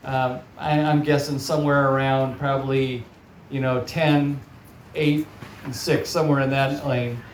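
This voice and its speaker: A man preaching a sermon as a guest speaker, telling stories warmly. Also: medium pitch, a little slow, slight background noise. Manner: warm storytelling, animated in acted quotes. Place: large hall or church, audience present. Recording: echoey hall, picked up from far off.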